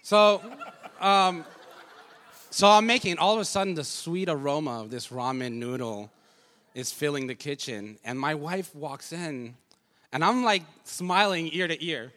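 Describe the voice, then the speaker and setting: A man spins a self-mocking story about his marriage for an audience, his voice bright and forceful. He is animated and laughs at himself along the way. The sound carries a long reverb, as in a large church hall. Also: fairly high pitch, moderate pace. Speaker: husband sharing a testimony.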